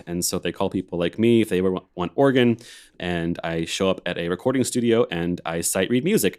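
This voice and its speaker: A laid-back American man in his thirties with a very low, deep voice, from Alabama. He rambles through his story in a casual chat over a video call and laughs easily. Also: darkish tone. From Alabama, USA. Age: 30s. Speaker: organist and film composer, co-host.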